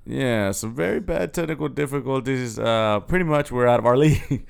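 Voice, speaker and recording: A man's voice: medium pitch, normal speed, vocal fry, clear, resonant tone. A tired man co-hosting a podcast in casual, joking chat late at night. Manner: laid-back, joking, a bit rambling. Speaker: podcast co-host.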